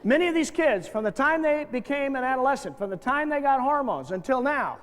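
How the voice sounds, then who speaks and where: A middle-aged man with a high voice delivers an impassioned seminar talk. He tells stories with energy and slips into the voices of the people he quotes. His voice rings with long reverb in a large hall, and the sound comes from a glitchy old VHS tape. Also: fairly quick. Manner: animated storyteller who acts out quoted voices. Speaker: seminar speaker for youth workers. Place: large church hall with audience.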